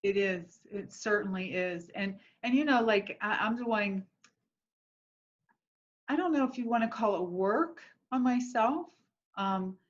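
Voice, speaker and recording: A woman's voice: mid-range voice, a little slow. Earnest woman guest, slightly dull sound. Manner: earnest, laughs warmly while sharing memories. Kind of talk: candid conversational chat.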